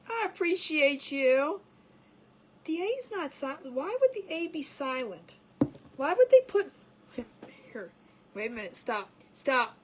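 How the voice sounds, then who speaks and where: A giggly woman with a high voice hosts a craft livestream, chatting casually with viewers as she works. She's talkative and reads their comments out loud.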